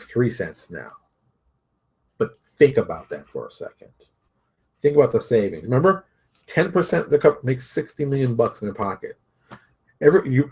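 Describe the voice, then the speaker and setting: Male host, husky mid-pitched voice, emphatic unscripted monologue with lots of repetition. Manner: emphatic, repeats points, frequent restarts. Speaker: host and game publisher. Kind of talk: solo opinion monologue.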